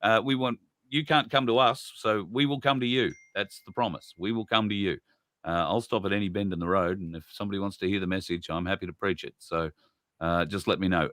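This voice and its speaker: A man's voice: sits low, steady tone, a little fast, a bit bright, no echo. An Australian man hosting a live stream in a rambling, chatty way, laughing often. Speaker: host. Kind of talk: casual live-stream chat.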